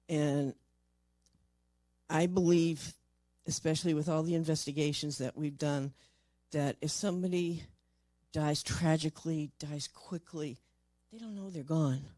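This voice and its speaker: Older woman, mellow voice, halting emotional storyteller, dry close sound. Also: low-pitched, dry recording. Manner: halting, repeats words, voice drops soft in tender moments. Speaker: paranormal investigator.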